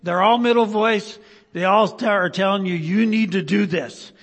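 A man preaching a sermon as pastor, earnestly checking in with "right?" and swinging between loud emphasis and quiet, low-spoken stretches. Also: normal speed. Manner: frequent "right?" tag questions, earnest. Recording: long reverb of a large hall.

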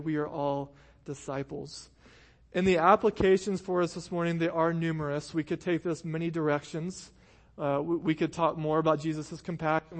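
A pastor preaching a sermon to his congregation in a conversational way, often checking in with "right?". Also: on the high side.

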